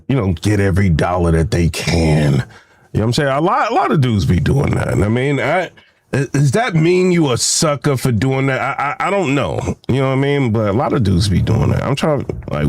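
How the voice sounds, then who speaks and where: Animated man reacting with jokes. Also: medium pitch, no room sound. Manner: animated, joking, repeats and restarts. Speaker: commentary host. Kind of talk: reaction commentary.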